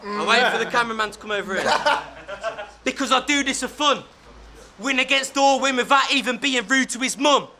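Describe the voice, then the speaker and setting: Battle rapper guy, high bright voice, yells punchlines, laughs thru bars. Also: brisk. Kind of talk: live rap battle verse. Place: battle venue before a live crowd.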